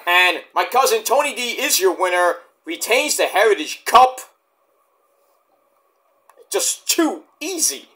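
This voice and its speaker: A man's voice: sits high, big pitch swings, slow pace, long pauses, sharp tone. A man reviewing a wrestling show in a rambling, profane casual monologue, tired late at night.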